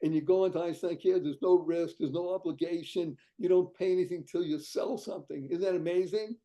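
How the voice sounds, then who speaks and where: Man, from Boston, interview guest, exuberant, salesy, warm mellow tone. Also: high-pitched, steady tone, fairly quick. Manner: exuberant, salesy, laughs often. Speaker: guest, founder of a charity fundraising site. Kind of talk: enthusiastic interview talk.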